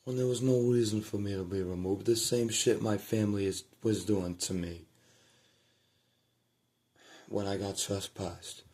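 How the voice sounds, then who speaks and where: A man with a low, mellow voice recounts a story to the camera from his home at night. He rambles and swears, restarts his sentences, and lets his voice sink to a murmur now and then. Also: fairly even intonation, a little slow, long pauses. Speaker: vlogger telling a personal story.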